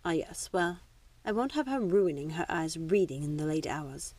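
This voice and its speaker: A woman's voice: sits low, expressive, normal speed, a little mellow. A woman voicing a haughty, dismissive aristocratic mother with a clipped, imperious manner.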